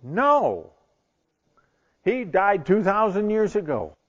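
Preacher doing brusque old rabbi, curt, muffled recording. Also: male voice, fairly low pitch, animated, a little fast, pitched below the performer's own voice. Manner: brushes off questions curtly. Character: dismissive older male rabbi.

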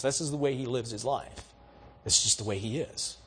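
A man's voice: medium pitch, lively intonation, normal speed, slightly rough. A man preaching a sermon, telling everyday stories in a folksy, exhorting way. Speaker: pastor.

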